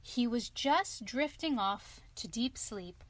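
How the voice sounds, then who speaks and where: A woman narrating a children's storybook aloud in a clear, expressive reading. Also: on the high side, slow pace.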